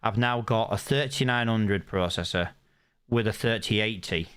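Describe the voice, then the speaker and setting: A young man from the United Kingdom chats with his live audience and thinks aloud while streaming a game, reading out chat comments as he goes. His voice sits on the low side and sounds smooth and slightly bright, at a normal pace.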